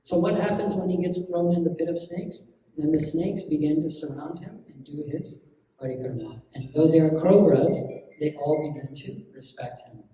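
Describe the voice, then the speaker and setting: A man teaching a class through a religious story, often asking the listeners questions and filling pauses with ums. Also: fairly high pitch, warm tone. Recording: echoey hall from far off.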